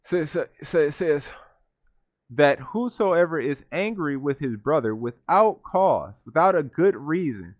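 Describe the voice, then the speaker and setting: A man's voice: a little high, animated, measured pace, no echo, highs cut off. A man teaching scripture from home. He reads verses, looks up word meanings and keeps checking in with "right?". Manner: reads verses then defines words, repeats "right?". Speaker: Bible teacher. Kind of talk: scripture study talk.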